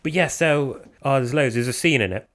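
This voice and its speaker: A young man co-hosting a casual film podcast, retelling scenes in an animated way and acting out quotes. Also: medium pitch, a little fast. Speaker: podcast co-host. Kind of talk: casual chat about films.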